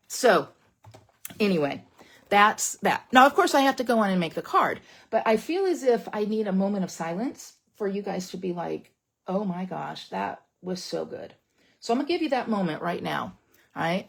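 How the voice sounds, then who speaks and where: Middle-aged lady doing a craft demo, super chatty and bubbly, husky gravelly voice. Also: medium pitch. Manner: bubbly, chatty, exclamatory, talks straight to viewers. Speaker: card-making demonstrator. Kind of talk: casual craft demonstration, live stream.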